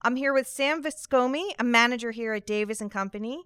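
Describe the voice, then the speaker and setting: A young woman hosts a podcast in a bright, upbeat way with flashes of dry sarcasm. Her voice is clear and smooth, recorded close with a dry sound. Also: on the high side, brisk, dry recording. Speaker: podcast host. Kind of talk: scripted podcast conversation.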